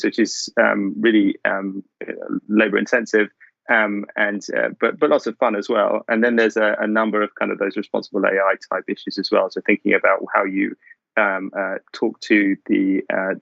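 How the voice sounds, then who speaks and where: Male panelist, halting delivery, dry close lo-fi audio. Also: fairly low pitch, creaky, a bit bright, dry recording. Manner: halting, many fillers and restarts. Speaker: panelist from a broadcaster's tech team. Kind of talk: remote panel discussion.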